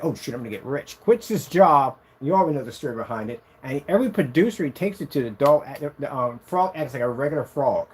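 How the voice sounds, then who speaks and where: A man casually demonstrating a projection screen on a vlog, excited and rambling, boasting about his product. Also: breathy edge. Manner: sings snatches of a tune in a high voice.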